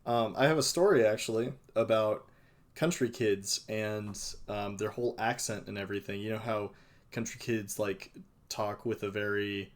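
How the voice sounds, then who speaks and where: A man's voice: fairly low pitch, steady tone, normal speed. A young man hosting a casual podcast chat, hesitant and full of fillers, often restarting his sentences. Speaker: podcast host.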